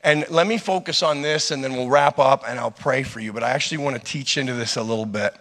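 A man preaching a sermon, telling a personal story in an animated way that swings between loud and hushed. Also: mid-range voice, quick pace. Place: church hall. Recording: long hall reverb.

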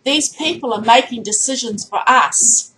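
Aussie woman ranting into the camera, fired up, keeps repeating herself, voice a bit high. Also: moderate pace, bright, forceful tone, a little hiss or hum, low-quality recording. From Australia. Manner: indignant, repetitive, emphatic. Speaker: vlogger. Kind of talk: political rant to camera.

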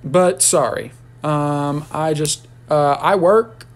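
A man ranting on a casual livestream, rambling and profane, with sudden high squeals and shouts. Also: takes it slowly.

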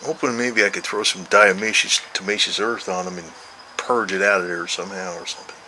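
Rambling, cussing man in his sixties, bright tone. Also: low-pitched, fairly even intonation, a little fast, slight background noise, poor audio. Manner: meandering, profane, coaxing talk to the cat. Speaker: vlogger, cat owner. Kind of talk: rambling casual chat to his cats.

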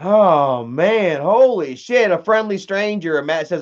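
A man's voice: high-pitched, measured pace. Rambling foul-mouthed young man. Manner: rambling, heavy swearing, excitable. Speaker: commentary host. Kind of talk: casual profane commentary. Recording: dull lo-fi recording.

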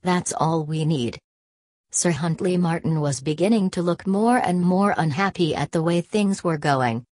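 A woman narrating a children's storybook in a clear, measured way. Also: lowish voice, lively intonation, darkish tone, no room sound. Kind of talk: storybook reading.

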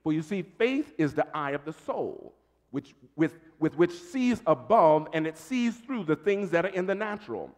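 A man's voice: a little high, moderate pace. A man with an American accent preaching a sermon as pastor, calling out to his congregation. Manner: animated preaching, calls to congregation. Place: church sanctuary. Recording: long church reverb.

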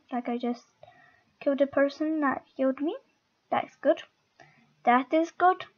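A woman's voice: high-pitched, measured pace, pauses often, dull audio. A woman giving playful, chatty commentary while playing a game, talking to the game and her viewers. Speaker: gamer. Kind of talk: casual gameplay commentary.

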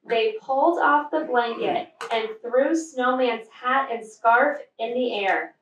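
A woman, a teacher, reading a picture book aloud to children in a slow, expressive way. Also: a little high, muffled recording, a little hiss or hum. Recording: echoey room from far off.

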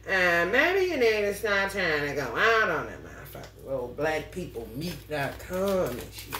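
A woman's voice: lowish voice, normal speed, hardly any pauses. A woman tarot reader telling stories to her viewers in a casual, profane way, laughing often as she talks. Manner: animated, laughs often, heavy swearing. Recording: roomy echo, mic at a distance, faint background noise.

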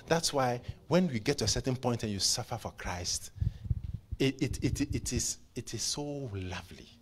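A man preaching a church sermon, impassioned, with stammering repeats, dropping to hushed whispers and then rising to loud bursts. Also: mid-range voice, expressive, moderate pace, background noise. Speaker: pastor. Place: church service.

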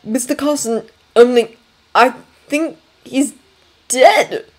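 A woman reading aloud voices a nervous, quick-thinking young male servant, speaking hesitantly and earnestly. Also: sits high, lively intonation, a little mellow, pitched above the performer's own voice. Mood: anxious.

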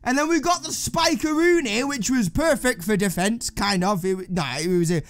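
A man commentating on a video game he plays, excitable and full of swearing, yelps and laughs. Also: high voice, moderate pace. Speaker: gaming video host. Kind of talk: let's play commentary.

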